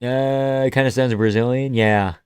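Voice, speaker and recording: Smooth-voiced man riffing through a fight stream. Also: mid-range voice, fairly even intonation, normal speed, darkish tone, no room sound. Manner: joking, swears often, reads chat aloud. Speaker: live stream host. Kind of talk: casual fight reaction commentary.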